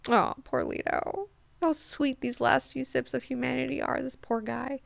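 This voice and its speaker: A woman's voice: high-pitched, normal speed, vocal fry, no room sound. Chatty, swearing woman book-club host. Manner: profane, animated, chatty retelling. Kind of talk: casual book discussion.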